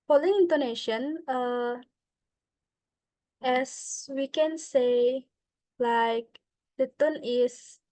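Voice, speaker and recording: A young Indonesian woman with an Indonesian accent, a student giving a class presentation in a hesitant way, often pausing on "uh" and mixing in Indonesian. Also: sits high, dark tone, no room sound. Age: young adult. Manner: hesitant, many filler "uh"s, switching between English and Indonesian.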